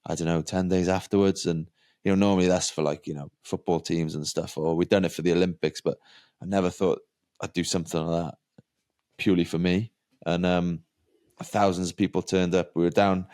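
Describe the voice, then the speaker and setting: Low-voiced Welsh man, relaxed and reflective. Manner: relaxed, matter-of-fact, full of fillers like "like" and "you know". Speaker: professional cyclist. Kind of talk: reflective interview chat. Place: lying on a massage table.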